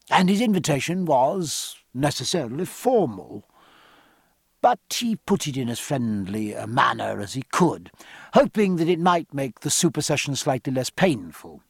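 A man narrating a novel in a measured, expressive way. His voice is a little husky and somewhat high, with a lively melody. The sound is close and dry. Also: no echo. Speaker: audiobook narrator. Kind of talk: scripted narration.

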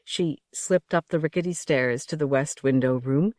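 A narrator reading a novel aloud in a measured storytelling manner. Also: mid-range voice, a little mellow, no echo, studio quality. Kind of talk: audiobook narration.

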